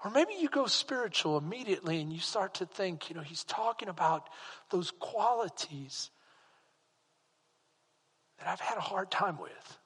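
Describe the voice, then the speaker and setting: A male pastor preaching a sermon, animated and full of rhetorical questions to the congregation. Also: high voice, normal speed, pauses often, slightly rough, in a large hall.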